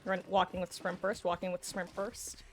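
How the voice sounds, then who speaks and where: A woman from the United States, chatting casually and rambling as she streams a game, often clearing her throat. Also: on the low side, level tone, moderate pace. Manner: rambling, chatty, self-correcting. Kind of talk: casual live-stream chat while gaming.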